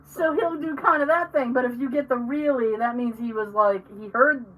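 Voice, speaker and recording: A woman's voice: high-pitched, fairly quick, poor audio. A woman hosting a podcast, telling stories in casual chat and acting out what family members said. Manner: animated storyteller, acts out family members. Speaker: podcast host.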